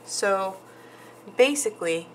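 A woman's voice: mid-range voice, animated, takes it slowly, slight background noise, poor audio. A woman nail artist casually narrating a tutorial as she works, chatty with frequent ums and asides. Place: nail salon.

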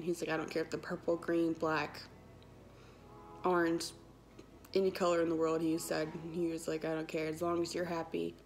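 A woman, telling a personal story in a casual, chatty vlog with lots of quoted dialogue. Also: fairly low pitch. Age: 20s. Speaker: vlogger.

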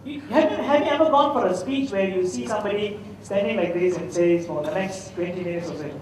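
Speaking high and brisk with a slightly mellow quality, the same kind of humorous festival talk unfolds: a middle-aged man with a Malaysian English accent shares anecdotes and quizzes the audience in a large hall. Slight background noise and echo come through the distant mic.

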